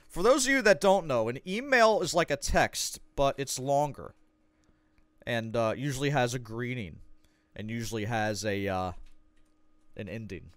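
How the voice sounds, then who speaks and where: A man's voice: medium pitch, animated, normal speed, fairly bright tone, no room sound. A man streaming a game, casually reading a guide aloud with sarcastic joking asides. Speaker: gaming streamer.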